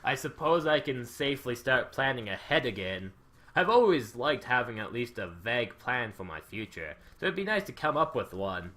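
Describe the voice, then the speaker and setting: A man's voice: medium pitch, sing-song, moderate pace, pushed and bright. A man hosting a let's play, reading a visual novel's narration aloud with wry ad-libs. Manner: wry, ad-libbing between narration.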